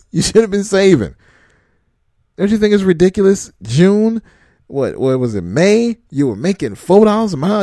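A man's voice: high-pitched, big pitch swings, measured pace, pauses often, warm tone, no room sound, studio quality. A man ranting casually to his trucking audience, blunt and profane, mocking them and laughing often. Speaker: trucking vlogger. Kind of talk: casual rant to camera.

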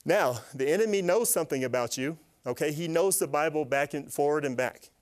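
A man giving an animated, faith-based teaching talk to a live group, asking them questions and acting out little voices. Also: a little high, brisk. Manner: animated, asks the audience questions, acts out voices. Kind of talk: lively sermon-style teaching to a live group.

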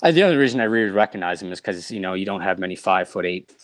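A low-voiced man from Nova Scotia, Canada, a minor league umpire appearing as a guest, races through animated umpiring anecdotes in a casual storytelling interview. He laughs often, and the recording is dry.

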